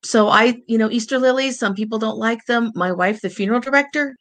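A woman's voice: on the high side, brisk, a bit bright. A woman co-hosting a grief podcast in casual chat, frank with a wry humor. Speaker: podcast co-host, grief counselor.

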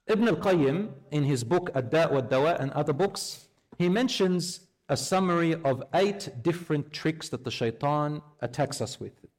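Lively male preacher, higher voice. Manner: lively storyteller who acts out dialogue. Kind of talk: sermon with acted-out storytelling.

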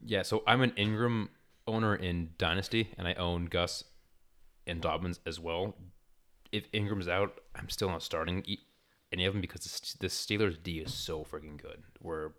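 Deep-voiced man with blunt opinions. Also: fairly even intonation, moderate pace, a bit bright. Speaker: podcast co-host. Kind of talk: casual fantasy football chat.

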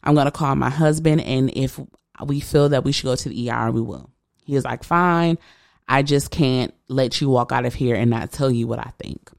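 A woman's voice: extremely low pitch, moderate pace, vocal fry, no echo, clean studio sound. A woman tells an emotional personal story and acts out the people she quotes. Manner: animated retelling, acting out the people she quotes. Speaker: podcast host sharing her birth story.

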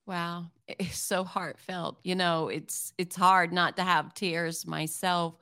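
A woman hosting an interview about caregiving, speaking with empathy and explaining as she asks her questions. Her voice is smooth and resonant, recorded dry and close. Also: fairly low pitch, fairly even intonation, slow, pushed and bright, no room sound. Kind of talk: interview host.

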